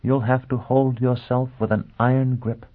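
Female role, young, icy and scornful, quiet deliberate delivery, male reader puts her on, phone-line tone. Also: mid-range voice, level tone, voice pushed up, natural voice. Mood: cold, quiet. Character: tense, scornful young woman, icy then hysterical. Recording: tinny phone-like sound.

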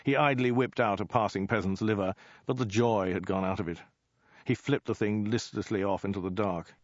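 Man, comic story narration, low voice, dry close sound, dull lo-fi. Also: fairly even intonation, normal speed, no echo.

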